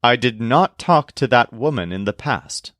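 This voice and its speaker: With a lively, rising-and-falling lilt, a male instructor narrates a recorded language lesson. His explanations are slow and deliberate, words spelled letter by letter, and the voice sounds dry and close without any room sound.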